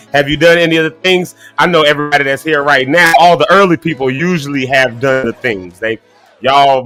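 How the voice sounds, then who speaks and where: A man hosting a casual live morning show, chatty and folksy, his throat rough from coughing. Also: on the high side, pushed and bright. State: choking, throat clearing.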